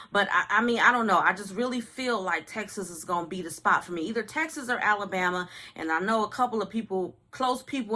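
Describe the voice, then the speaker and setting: A woman's voice: medium pitch, sharp tone. A woman in her thirties from California, chatting casually to her viewers about news and benefits and often adding "okay". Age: 30s. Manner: chatty, addresses viewers as y'all, repeats okay. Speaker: news vlogger.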